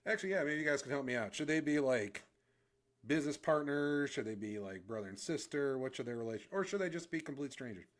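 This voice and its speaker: A man chatting casually on a livestream while he draws, rambling and self-deprecating, thinking out loud and sometimes dropping to a mutter as he concentrates. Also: mid-range voice, lively intonation, fast talker. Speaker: livestreamer drawing comics. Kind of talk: casual chat while drawing.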